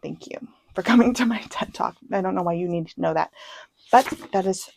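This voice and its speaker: A young woman chatting casually as a book vlogger, self-deprecating and full of quick asides. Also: fairly low pitch, gravelly, a little mellow, dry recording, low-quality recording. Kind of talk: casual chat. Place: home.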